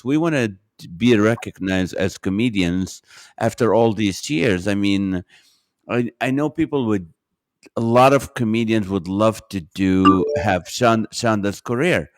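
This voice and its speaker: A man's voice: lowish voice, animated, unhurried, no echo, clean studio sound. A man hosting a podcast, a comedian talking in a loose, rambling way that keeps interrupting itself. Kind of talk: casual chat.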